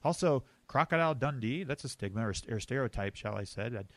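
An American man hosting a casual podcast interview, upbeat and joking with quick asides. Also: mid-range voice, expressive, no echo. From United States. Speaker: podcast host.

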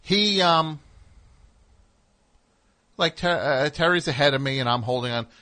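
A man's voice: mid-range voice, quick pace, bright, forceful tone. A man hosting a radio show, telling a story in a casual, rambling way with wry asides in the studio.

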